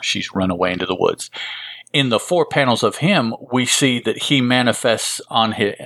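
A man's voice: lowish voice, fairly bright tone, dry recording. A man hosting a casual comic book review, rambling and correcting himself as he goes. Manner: rambling, with fillers and self-corrections. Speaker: host.

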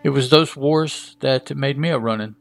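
A man voicing a calm, honorable male ronin swordsman in a comic-book reading, steady and measured. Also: medium pitch, vocal fry, faint music behind, lightly acted.

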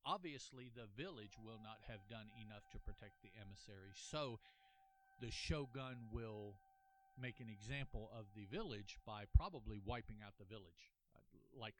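Halting, lively-voiced man reviewing a comic. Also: medium pitch, slight background noise. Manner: halting, thinking aloud with frequent restarts; earnest and apologetic. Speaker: podcast host reviewing a comic. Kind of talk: casual solo comic book review.

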